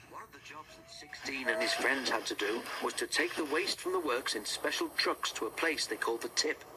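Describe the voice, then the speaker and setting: A man narrating a storybook with lively, expressive reading. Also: medium pitch, brisk, hardly any pauses, noisy background.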